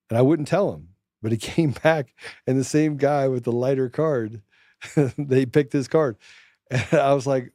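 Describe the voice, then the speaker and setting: Mellow-voiced man telling rambling jokey stories. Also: medium pitch, moderate pace, no room sound, studio quality. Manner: jokey, puts on silly accents, rambling anecdotes. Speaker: co-host. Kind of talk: casual political chat.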